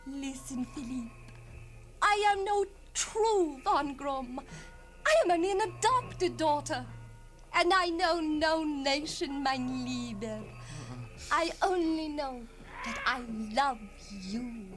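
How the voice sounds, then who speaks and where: Young heroine: high, urgent, hushed, distant over music. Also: female voice, a little slow. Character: brave, urgent young woman guide. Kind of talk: radio drama acting. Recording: distant mic with music under.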